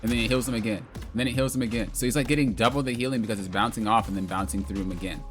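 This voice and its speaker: Man, game coach, bright and forward tone, casual instructive replay commentary over faint music. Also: fairly low pitch, very fast. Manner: instructive, often says "look" and "you see".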